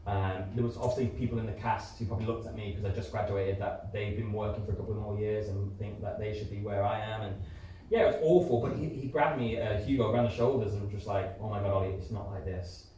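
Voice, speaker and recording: A man in his thirties talks candidly as a guest at a live interview, his speech full of fillers and restarts. His voice sits a little low, and it comes from a distant mic in a very echoey hall with a faint noise underneath. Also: fairly even intonation, fast talker, dark tone. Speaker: interview guest, musical theatre performer. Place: community centre hall before an audience.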